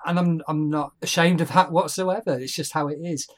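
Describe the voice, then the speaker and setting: A man chatting as a podcast guest, halting and repeating words, with a jokey streak. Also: fairly high pitch, steady tone. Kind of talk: casual chat.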